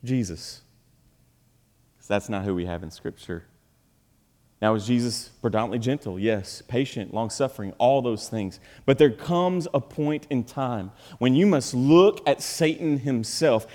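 A man preaching a sermon, moving between loud, emphatic passages and quiet, low asides. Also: lively intonation, measured pace, big-room sound. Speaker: pastor. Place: church sanctuary.

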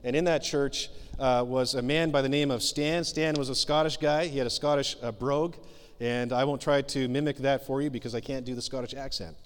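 A pastor preaching a sermon in an earnest, conversational way, pausing often with fillers. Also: male voice, mid-range voice, steady tone, smooth. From Canada. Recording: long reverb of a hall.

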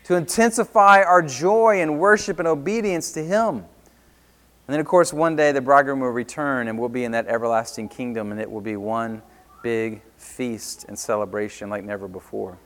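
A man preaching a sermon in an earnest, emphatic way, often restarting his words. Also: medium pitch. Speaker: pastor.

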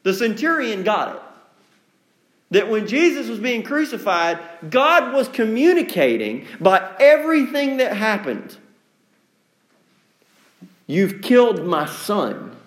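A man's voice: extremely high pitch, very animated, a little slow, fairly bright tone, echoey room. A male pastor preaching a sermon in a conversational, emphatic way, acting out quotes in different voices.

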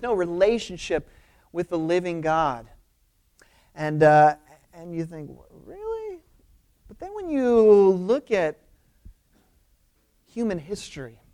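Casual preacher giving a sermon, unhurried, keeps tossing in "right?", leans hard on key words. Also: medium pitch, mellow. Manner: informal, often checks in with "right?". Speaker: pastor. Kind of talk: conversational sermon.

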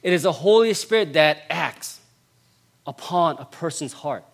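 Man, pastor, sermon, emphatic repetition, fairly high-pitched voice, loud then hushed. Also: animated, unhurried, creaky. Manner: emphatic, repeats phrases for stress; dramatic swings from loud to hushed.

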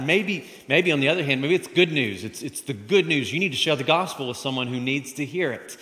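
A man's voice: medium pitch, fairly quick, hardly any pauses, pushed and bright. A man preaching a sermon in a conversational way, repeating phrases and asking the congregation questions. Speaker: pastor. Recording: long hall reverb.

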